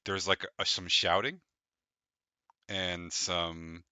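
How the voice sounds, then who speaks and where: A man's voice: deep voice, little pitch movement, slow, sharp tone, clear, resonant tone, no room sound. A man narrating a tabletop game as game master, loose and full of fillers, laughing easily.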